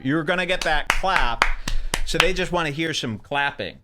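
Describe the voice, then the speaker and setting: A man's voice: fairly high pitch, moderate pace, heavy background noise. A man hosting a talk show, picking apart a comedy clip with sarcastic commentary and mocking impressions. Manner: sarcastic, animated, mimics others. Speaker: podcast host.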